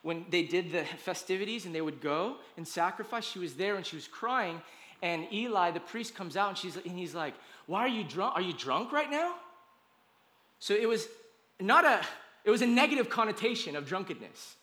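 A man's voice: high-pitched, animated, a little fast, bright, forceful tone. A male pastor preaching a conversational sermon, often checking in with his listeners and hammering points with repeated lists. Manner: emphatic, repetitive lists.

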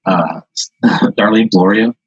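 Husky-voiced man rambling through a story. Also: lowish voice, slow, no room sound, lo-fi sound. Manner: rambling, laughing, acting out quoted voices. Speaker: host. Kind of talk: improvised storytelling in casual chat.

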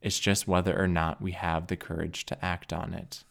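A young man hosting his own podcast, speaking in an earnest, heartfelt and measured way as he reflects alone. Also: sits low, level tone, gravelly, over music. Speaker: podcast host. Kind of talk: reflective solo podcast monologue.

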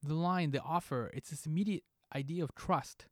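A man's voice: a little high, normal speed, dry recording. Playful male podcast host, very dry sound. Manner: playful, jokey delivery with pop-culture asides. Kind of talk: scripted podcast monologue.

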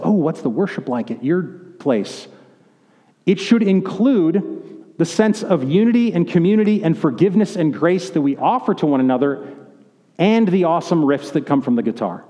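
A man's voice: a little high, warm tone. A man preaching a sermon as pastor, conversational and joking, in a church sanctuary. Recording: echoey hall.

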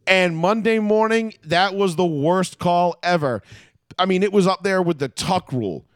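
A man ranting in casual sports chat as a podcast co-host, profane and animated. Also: high-pitched, moderate pace, no echo, studio quality.

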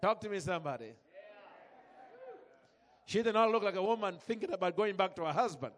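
A man's voice: high voice, expressive, moderate pace, long pauses, in a large hall. A man from Zambia preaching a sermon, telling a personal story with feeling and calling out to the congregation. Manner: emotional storytelling, calls out to congregation.

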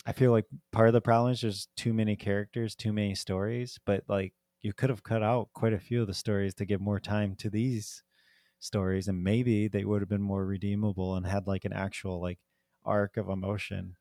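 Co-hosting a podcast, a man talks a little fast in a fairly low, warm voice with a level tone. His casual movie chat rambles, full of "like" and frequent laughs, and the studio recording has no echo.

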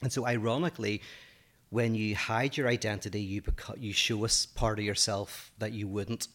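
A man with a Northern Irish accent and a fairly low voice talks through abstract ideas in a relaxed podcast conversation. He thinks aloud as he goes, laying out one point after another at length. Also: moderate pace. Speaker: podcast co-host. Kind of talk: casual philosophical discussion.

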